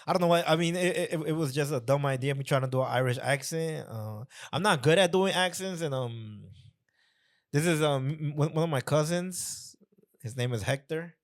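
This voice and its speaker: With a fairly high-pitched voice at a moderate pace, the Mexican-born, Chicago-raised comedian rambles through casual podcast chat as a guest. He keeps things relaxed and pokes fun at himself.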